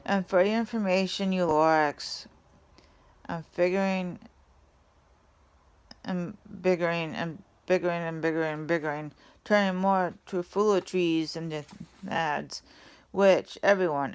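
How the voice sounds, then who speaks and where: A woman playing a greedy male factory owner who yells back defiantly in a storybook reading. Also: fairly low pitch, clear, resonant tone. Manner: yelling, fast and defiant.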